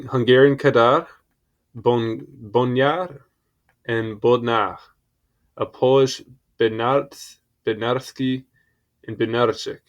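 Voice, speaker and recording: A man's voice: mid-range voice, muffled recording. A young man casually reading an encyclopedia article aloud, stumbling over foreign words and adding apologetic asides.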